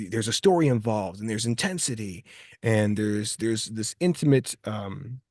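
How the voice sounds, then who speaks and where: A man's voice: mid-range voice, dry recording, clean studio sound. A man from Texas who works as a voice actor, chatting in an interview and often restarting his phrases as he tells stories. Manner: chatty, restarts phrases while telling anecdotes. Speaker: voice actor guest. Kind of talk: casual interview chat.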